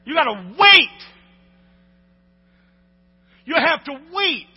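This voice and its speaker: A man preaching a sermon to a congregation, calling for responses and shouting at the peaks. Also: very high-pitched, very animated, drawn-out words. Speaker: pastor. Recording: lo-fi recording with long hall reverb.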